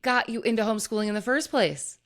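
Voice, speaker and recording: A woman's voice: fairly high pitch, fast talker, a bit bright. A woman hosting a podcast, asking friendly, curious interview questions. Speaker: podcast host.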